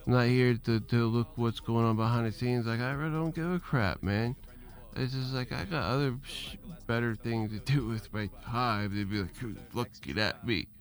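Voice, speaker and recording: A man's voice: medium pitch, normal speed. A man hosting a solo podcast, rambling loosely with restarts, fillers and casual profanity. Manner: meandering, trailing off, frequent restarts and fillers; loose, profane and self-deprecating. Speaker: podcast host.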